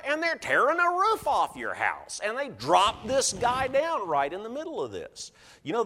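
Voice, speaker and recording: A man preaching a sermon, telling the story with lively, animated delivery and acting out what people think and say. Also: sits high, long reverb tail.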